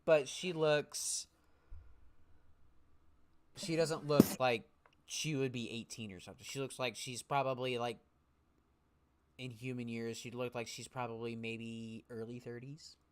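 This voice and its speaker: A game master narrating a tabletop role-playing session at a slow pace. The narration rambles, circling back and repeating words as scenes are described. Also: mid-range voice, steady tone, slight background noise.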